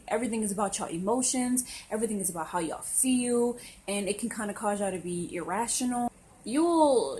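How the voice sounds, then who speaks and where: A woman's voice: mid-range voice, a little mellow, low-quality recording. Blunt, sassy young woman ranting. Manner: blunt and sassy, with voiced impressions of others. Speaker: astrology vlogger. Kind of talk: casual opinionated monologue to camera.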